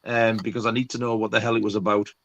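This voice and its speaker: A man with a low voice, co-hosting a casual film chat, hesitant with many ums and dry verdicts. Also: level tone, quick pace, fairly bright tone, highs cut off, slight background noise. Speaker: co-host of a film live stream.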